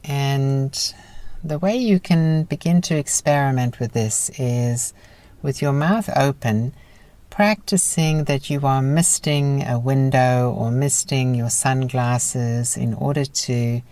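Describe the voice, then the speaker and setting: A woman teaching a guided breathing lesson in a calm, encouraging, instructive manner. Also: extremely low pitch, slow pace, dry recording.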